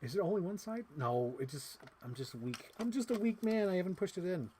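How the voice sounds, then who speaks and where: A man's voice: sits high, brisk, slight background noise. Chatty man unboxing toys on stream. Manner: rambling, excitable, heavy use of "like". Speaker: toy collector streamer. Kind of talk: casual live stream chat while unboxing.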